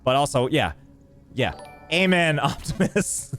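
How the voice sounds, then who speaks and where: Animated ranting male streamer. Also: a little high, unhurried, faint music behind. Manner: animated ranting storyteller, reads chat. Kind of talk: casual gameplay live-stream chat.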